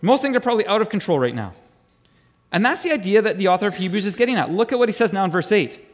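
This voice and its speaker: Lively high-voiced man preaching. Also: racing. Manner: chatty, asks the congregation questions, repeats words. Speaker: pastor. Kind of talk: conversational sermon.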